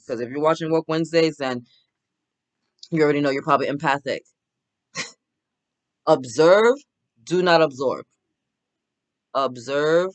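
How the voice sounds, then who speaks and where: A woman's voice: extremely low pitch, no echo. A woman hosting an oracle card reading, giving an emphatic, casual spiritual pep talk. She repeats affirmations, keeps asking "right?", swears casually and calls her listeners "baby". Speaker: oracle card reader and host.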